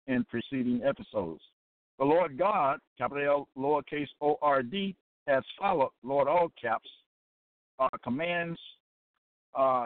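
A man teaching from scripture in a slightly high voice, heard through a thin, tinny line with no room sound. He talks slowly and repeats himself, with many fillers, and keeps asking if the listener is following. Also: dry recording. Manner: deliberate and repetitive, with many fillers and check-ins. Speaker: Bible teacher. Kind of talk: sermon-style Bible lesson. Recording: tinny phone-like line, dry.

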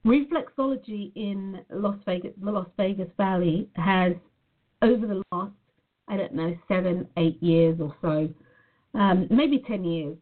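A woman from Nevada, a reflexologist, talking earnestly and reflectively to her viewers as "guys" in a casual spiritual talk. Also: mid-range voice. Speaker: reflexologist sharing a personal reflection. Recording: tinny phone-like audio.

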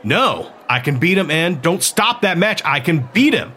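Give me a battered male prizefighter, as read by a male narrator, grumbling and curt, stubborn to the last, a touch higher than the narration, in a sci-fi audiobook reading. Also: very animated, normal speed, pushed and bright, slight background noise.

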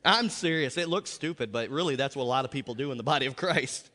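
An American man preaching a revival sermon in a church, emphatic and joking, with big swings between loud and soft. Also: medium pitch, fast. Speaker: pastor. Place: large church sanctuary. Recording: long hall reverb.

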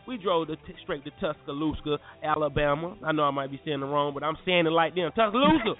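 Young guy on a podcast, kinda high voice, sounds like it's over the phone w/ faint music. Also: phone-quality sound. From North Carolina. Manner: animated, slangy, addresses listeners as y'all. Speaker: podcast host. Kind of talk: casual storytelling.

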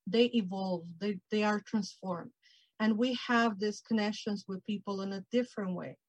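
A woman giving a passionate, expressive presentation over a video call. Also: mid-range voice, moderate pace, dry recording, rough recording. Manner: passionate, expressive, grows emotional. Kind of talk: heartfelt virtual presentation.

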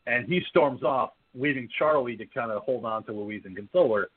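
A man co-hosting a casual horror film podcast, retelling scenes in an animated, blunt, profane way. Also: mid-range voice, fairly quick, husky. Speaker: podcast co-host. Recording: phone-like narrow band.

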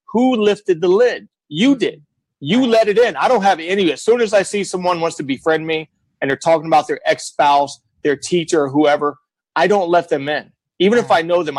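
A man's voice: a little high, dry recording. A middle-aged man, a guest telling stories in a blunt, emphatic way and repeating himself for effect. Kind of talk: casual storytelling.

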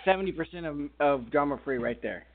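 A man's voice: a little high, animated, fairly quick. Co-host man on a tinny line. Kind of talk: casual beer chat. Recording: lo-fi phone-like sound.

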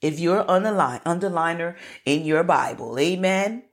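A woman preaching a sermon to an online group, animated and laughing often, calling for responses from her listeners. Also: on the low side, moderate pace.

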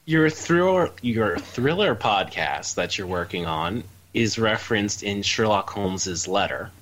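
A male podcast co-host interviews an author in a casual chat, with a teasing, playful edge. His voice is on the low side. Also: expressive, measured pace, a bit bright, slight background noise, low-quality recording.

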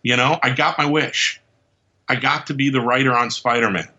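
A man guest on a podcast, telling stories in an animated, casual way, acting out quotes and laughing often. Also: mid-range voice, normal speed, lo-fi sound. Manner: lively storyteller who acts out quotes and laughs often. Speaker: podcast guest, comics writer.

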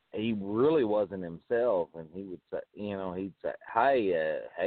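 A man's voice: on the low side, no echo. A man co-hosting a podcast, rambling and hedging in casual profane talk. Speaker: podcast co-host. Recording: dry, phone-like narrow sound.

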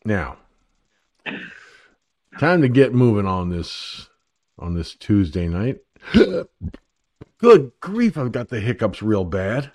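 A man's voice: lowish voice, very animated, slow, long pauses, a little mellow. An older man hosting an online talk radio show, joking and rambling crudely about everyday troubles. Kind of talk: casual call-in chat.

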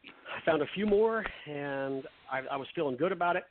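A man's voice: fairly high pitch, animated, normal speed, a little hiss or hum. A man guest on a radio show, telling a long story and acting out the dialogue, with frequent restarts. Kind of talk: storytelling in conversation. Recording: phone-like narrow sound.

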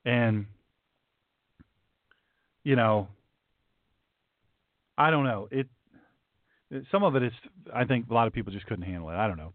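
Emphatic preacher-host on a thin phone line. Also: male voice, mid-range voice, dry recording. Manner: emphatic, preachy, repeats lines for punch. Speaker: pastor and talk show host. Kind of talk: opinionated talk show monologue. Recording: tinny, dry phone-like sound.

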